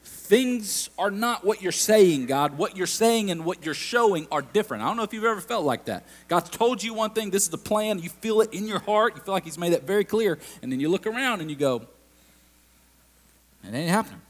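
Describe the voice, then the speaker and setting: A man's voice: high voice, expressive, fast, few pauses. A man preaching a sermon in a conversational style, with asides and acted-out quotes. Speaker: pastor.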